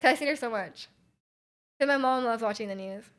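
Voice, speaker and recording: A woman's voice: fairly high pitch, fairly quick, fairly bright tone. A young woman from Canada with a Canadian accent, chatting casually with her stream chat, rambling and trailing off between laughs. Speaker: Twitch streamer.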